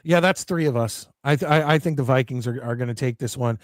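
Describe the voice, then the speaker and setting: A man's voice: mid-range voice, fairly quick, no echo, studio quality. A man hosting a live sports talk show in an easygoing way, keeping the segment moving. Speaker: host. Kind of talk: casual chat.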